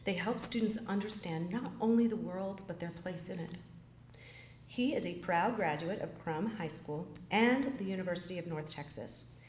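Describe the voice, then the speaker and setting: A woman introducing a speaker at a ceremony, reading a scripted introduction in a measured, formal way. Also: fairly low pitch, darkish tone. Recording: echoey hall with faint noise.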